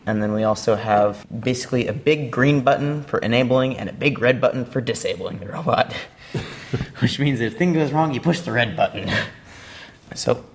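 A man's voice: medium pitch, normal speed. A young man from a robotics team giving a casual, rambling explanation of a competition robot, with playful asides.

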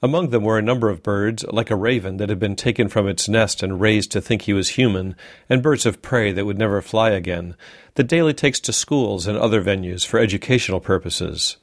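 A male community radio reporter reading a scripted news piece in a measured, careful way. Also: fairly low pitch, no echo, studio quality. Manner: measured, reads slowly and carefully.

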